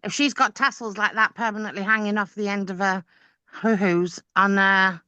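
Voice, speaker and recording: A woman's voice: mid-range voice, fairly even intonation, moderate pace, bright, forceful tone, smooth, no echo, muffled recording. A woman co-hosting a casual late-night radio chat show in a studio, giggly, teasing and chatty.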